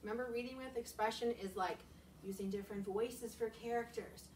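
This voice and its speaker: A woman teaching a class of young children, animated and expressive, asking lots of questions. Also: fairly high pitch, a little fast, slight background noise. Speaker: elementary school teacher. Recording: echoey classroom, camera far off.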